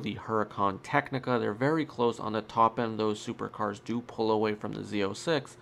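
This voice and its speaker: A man's voice: fairly low pitch, creaky, a little hiss or hum. A man hosting his own car channel, talking in an upbeat, chatty and emphatic way with a nasal voice. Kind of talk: solo vlog commentary.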